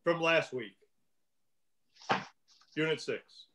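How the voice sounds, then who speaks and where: A man teaching a class over a video call, explaining things in a measured way and calling on students by name. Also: on the high side, sharp tone, slight background noise, poor audio.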